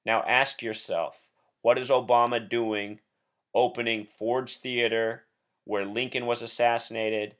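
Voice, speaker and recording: A man's voice: mid-range voice, fairly even intonation, measured pace, fairly bright tone. Emphatic man doing solo commentary. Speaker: blogger and video host.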